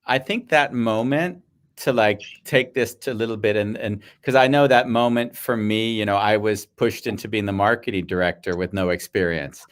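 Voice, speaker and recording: A man's voice: lowish voice, moderate pace. A man hosting a live podcast, enthusiastic and reflective, drawing out the guest and sharing stories of his own. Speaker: podcast host. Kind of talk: casual live interview chat.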